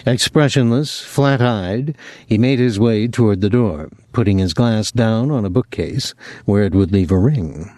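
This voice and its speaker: A man reading a novel aloud as an audiobook narrator, in measured storytelling. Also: fairly low pitch, a little mellow, dry recording, clean studio sound.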